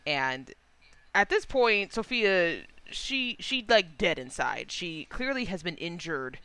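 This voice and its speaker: A woman co-hosting a casual movie podcast, animated and swearing freely as she recaps scenes. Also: takes it slowly, creaky, smooth. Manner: animated, swears freely, acts out characters in high voices. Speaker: podcast co-host.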